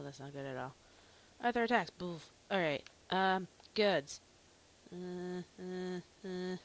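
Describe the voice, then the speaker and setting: Lively, chatty woman playing a game. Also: medium pitch. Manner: chatty, self-mocking, quick to exclaim. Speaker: let's play gamer. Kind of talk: casual gameplay commentary.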